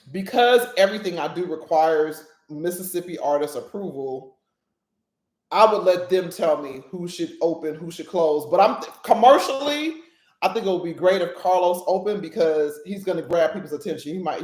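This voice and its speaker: A woman's voice: on the low side, darkish tone. Emphatic woman podcast host, roomy echo. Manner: emphatic, with rhetorical questions to listeners. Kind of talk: casual solo podcast monologue.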